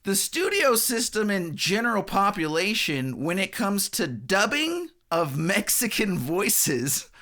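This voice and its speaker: A man co-hosting a film podcast, talking in a loose, excitable way that swings widely up and down in pitch. His tone is bright and a little raised, and he breaks into laughs and casual curses as he goes. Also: measured pace, hardly any pauses. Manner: animated, laughing, swearing freely. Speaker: podcast co-host. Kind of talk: casual film-review chat.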